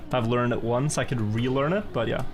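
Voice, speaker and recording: A man's voice: medium pitch, a little fast. A young man from Norway, a native Norwegian speaker, chatting casually with his live chat while he plays a game. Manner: chatty and self-amused, answers chat questions. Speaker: streamer.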